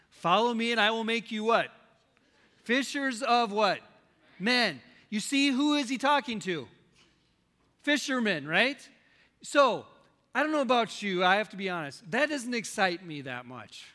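Male preacher, slightly high and forceful, quizzes his congregation, recorded in a reverberant church hall. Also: lively intonation, moderate pace. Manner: questions the congregation, swings between loud and soft. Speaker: pastor. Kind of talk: sermon.

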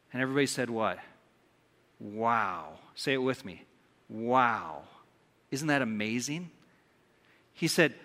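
A man's voice: medium pitch, fairly bright tone. A man preaching a sermon as a pastor, playful and joking, often putting questions to the congregation. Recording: long hall reverb.

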